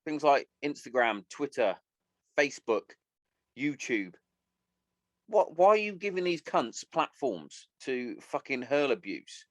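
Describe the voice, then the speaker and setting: A man's voice: medium pitch, very animated, unhurried, no room sound. A man hosting a solo podcast, ranting bluntly and swearing a lot. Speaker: podcast host.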